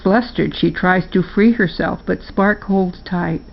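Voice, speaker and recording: An older woman reads a storybook aloud in an unhurried, plain manner. Her low voice is gravelly and very slow. The home recording sounds dull and lo-fi.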